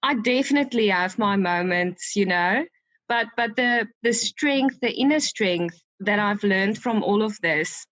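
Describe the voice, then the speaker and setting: A woman, a guest on a podcast, talking emotionally and warmly and often restarting her sentences. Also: mid-range voice, measured pace, dry recording, muffled recording. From South Africa. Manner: emotional, warm, with many restarts.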